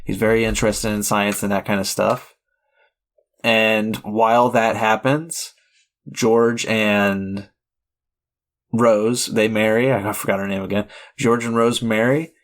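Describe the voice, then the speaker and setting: A man with a lowish, fairly even voice speaks slowly while co-hosting a podcast. He chats casually about movies, rambling with lots of fillers and restarts.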